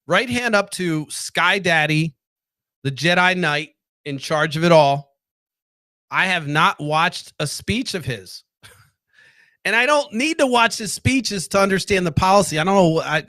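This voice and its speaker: A sarcastic man rants loosely to his viewers, swearing freely and wandering off on tangents. His voice sits a bit higher than most men's. The sound is close and dry, with no room around it. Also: expressive, a little slow, pushed and bright, dry recording. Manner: profane, rambling, sarcastic. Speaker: political commentary host. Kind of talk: casual solo rant to camera.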